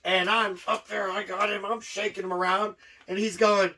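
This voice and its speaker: A man co-hosting a podcast, telling stories in a lively, animated way with frequent restarts. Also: high voice, moderate pace, recorded from a distance, slight background noise, low-quality recording. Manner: animated, repeats and restarts words as he tells stories. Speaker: podcast co-host, wrestler. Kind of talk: casual storytelling chat.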